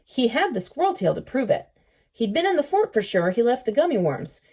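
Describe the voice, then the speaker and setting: Teacher read-aloud, woman, warm dark tone, calm and expressive. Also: a little high, fairly quick, husky. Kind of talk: reading a children's novel aloud.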